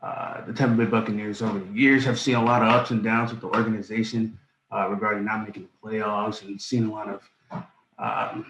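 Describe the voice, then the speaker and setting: A man's voice: on the low side, little pitch movement, a little fast, fairly bright tone, echoey room, low-quality recording. A male sports reporter asking a long, rambling question at a press conference.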